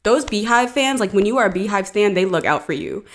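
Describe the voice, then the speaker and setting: A woman in her twenties chatting casually as a podcast co-host, telling a story with lively acted-out quotes. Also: medium pitch, a little fast. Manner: animated storyteller, acts out quoted voices. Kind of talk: casual chat.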